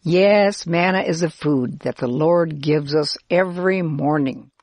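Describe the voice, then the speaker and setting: A woman's voice: low-pitched, measured pace, darkish tone, dry recording. A woman voicing a friendly, helpful Israelite man who cheerfully explains camp life in a children's story. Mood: explaining. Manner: kindly, cheerful, explaining patiently.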